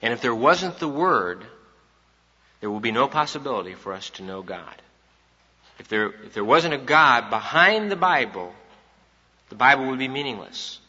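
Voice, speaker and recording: A man's voice: medium pitch, expressive, moderate pace, long pauses, sharp tone, breathy edge. A man preaching an evening sermon, emphatic and repeating his key points for the congregation. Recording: dull recording in a reverberant hall.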